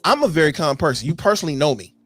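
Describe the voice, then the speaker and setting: Loud ranting high-voiced man, dry mic. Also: big pitch swings, racing, dry recording, soft background music. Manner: loud, profane rants that build to shouting. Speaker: podcast co-host. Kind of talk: heated casual debate.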